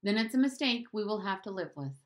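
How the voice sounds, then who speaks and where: A woman voicing a quiet, guarded housemaid who speaks softly and carefully. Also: medium pitch, animated, brisk, voice pushed up, close to an everyday voice. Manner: soft, careful, restrained.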